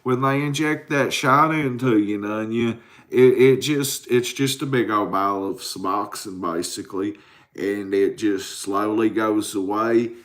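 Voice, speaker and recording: A man in his forties hosts a late-night livestream, worn out from a caffeine crash, rambling, swearing and sounding drowsy while he answers viewers. He talks at a measured pace in a low, slightly bright voice.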